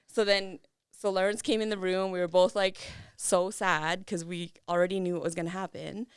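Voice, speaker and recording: A woman's voice: on the low side, moderate pace, clean tone, no room sound. Chatty woman telling her story. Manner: animated retelling with acted quotes and laughs. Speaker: podcast guest. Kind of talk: casual interview storytelling.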